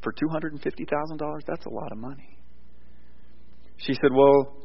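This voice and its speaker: A man's voice: a little high, normal speed, gravelly, husky. Man preaching in a reverberant hall. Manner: swings from loud emphatic preaching to quiet storytelling, many restarts. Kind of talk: sermon with storytelling. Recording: dull sound with long hall reverb.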